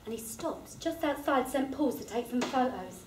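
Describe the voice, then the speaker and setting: A woman's voice: high-pitched, lively intonation, normal speed, a little mellow, roomy sound, a little hiss or hum. An actress playing a chatty working-class woman, in a one-woman stage monologue. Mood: gossipy. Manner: gossipy, laughing storyteller. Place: theatre performance space.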